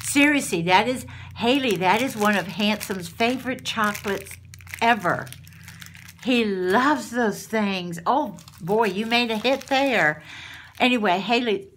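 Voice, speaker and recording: A woman's voice: fairly high pitch, lively intonation, measured pace, a bit bright. A woman, chatting at home as she unboxes crafty mail and gushes over each item. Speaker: craft channel host. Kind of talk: casual unboxing chat.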